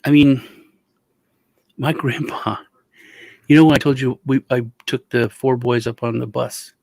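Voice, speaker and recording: A man hosting a casual chat, a rambling, animated storyteller. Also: mid-range voice, measured pace, vocal fry, dry recording. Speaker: host.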